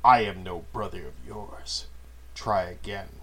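A man's voice: sits low, steady tone, a little slow, bright, forceful tone, heavily acted. Stern imperious patriarch, cold and clipped, as a male narrator plays him.

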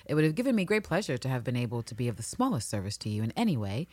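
A woman co-hosting a casual podcast, reading historical passages aloud and then riffing on them with animated asides and laughter. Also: very deep voice, racing, no room sound. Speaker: podcast co-host. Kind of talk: casual chat, reading from a book.

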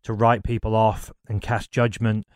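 Male podcast host, smooth voice, even delivery, earnest and affirming. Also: lowish voice, normal speed, dry recording, studio quality. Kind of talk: casual interview chat.

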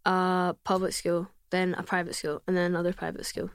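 A woman's voice: lowish voice, monotone, a little fast, smooth, dry recording, studio quality. A young woman with a Scottish accent, a podcast guest telling family stories in casual chat, with lots of "like" and easy laughter. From Scotland. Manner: chatty storyteller, frequent "like", laughs easily.

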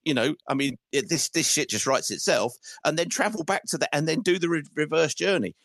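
A man hosting a football fan call-in, ranting in frustration with swearing and halting restarts. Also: fairly high pitch, fairly bright tone, no echo, clean studio sound. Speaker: host of a fan phone-in. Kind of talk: casual football fan rant.

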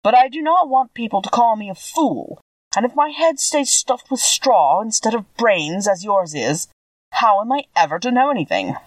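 A woman voicing a gentle, naive male scarecrow made of straw, with a husky, polite and earnest way of speaking. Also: a little high, expressive, normal speed, no room sound, distant mic, pitched above the performer's own voice, poor audio. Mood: friendly.

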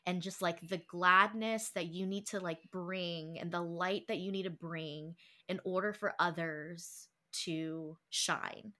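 A young woman chats about a book she loves, her voice bright and ringing and sitting a touch low. She laughs easily and reads passages aloud with feeling. The talk is loose and heartfelt. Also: fairly even intonation, takes it slowly. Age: young adult. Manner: emotional, warm-hearted, laughs often, reads quotes aloud. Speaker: book club podcast host. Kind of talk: casual chat.

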